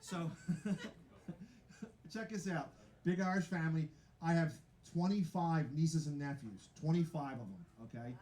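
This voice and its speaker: Male stand-up comic, high voice, rambling self-mocking delivery, laughs at his own jokes, roomy live venue sound. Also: a little slow, warm tone. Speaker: stand-up comedian. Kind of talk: stand-up comedy set. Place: live comedy venue with audience.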